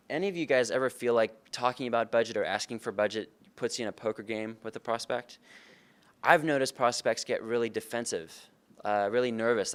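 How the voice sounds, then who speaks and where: Conference speaker, male, low smooth voice, earnest and conversational. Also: fairly bright tone. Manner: earnest, conversational, addresses audience with questions. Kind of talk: conference talk. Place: conference room.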